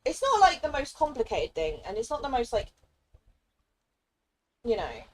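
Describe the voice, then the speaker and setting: A woman's voice: on the high side, big pitch swings, a little hiss or hum, low-quality recording. Chatty young woman streamer, laughing often. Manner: chatty, laughs often, slips into quick playful voices for characters. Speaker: game streamer. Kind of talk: casual live-stream chat.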